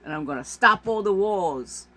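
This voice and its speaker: Sex: woman. Role: vlogger. Style: ranting monologue. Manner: exasperated, repetitive. Pitch: middle. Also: expressive, normal speed, sharp tone.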